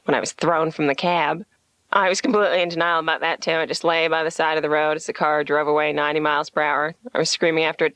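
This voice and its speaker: Bright, dry-miked woman comic; deadpan, jumps into silly voices. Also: sits low, fast talker, no echo. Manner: deadpan jokes with lively put-on voices. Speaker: patient, comedian. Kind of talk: stand-up style monologue in a cartoon.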